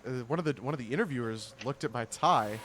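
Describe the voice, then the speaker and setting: A young man streaming a game, a bit congested, rambling in casual chat, restarting his sentences and sometimes shouting at the game. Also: medium pitch, animated, quick pace, background noise. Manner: rambling, self-correcting, bursts into shouting at the game.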